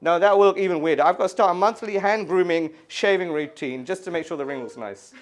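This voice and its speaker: A man in his thirties from the UK doing an animated stand-up set in a gallery, acting out voices and screaming kids. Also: high voice, quick pace. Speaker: stand-up comedian. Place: art gallery before a live audience. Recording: live room with audience laughter.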